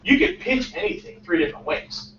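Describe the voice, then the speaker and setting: Energetic young man, high voice, echoey room. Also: a little fast, a little hiss or hum. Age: 20s. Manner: energetic, peppers lines with "right?". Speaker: startup founder giving a talk. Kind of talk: casual motivational talk. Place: lecture room. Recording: echoey muffled room sound from far off.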